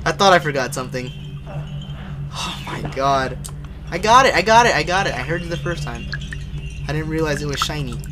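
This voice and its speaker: A young man calls out a horror game live to his viewers, half joking and half spooked, and he yelps whenever something jumps at him. His voice sits a little high for a man. Steady background noise runs under the stream. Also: quick pace. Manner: jokey, jumpy, shouts when startled. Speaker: livestreaming gamer. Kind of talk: casual live gameplay commentary.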